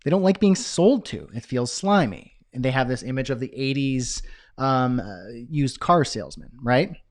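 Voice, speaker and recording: A man teaching a live online business course, talking in an energetic, chatty way with self-deprecating asides. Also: mid-range voice, normal speed. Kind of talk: live webinar presentation.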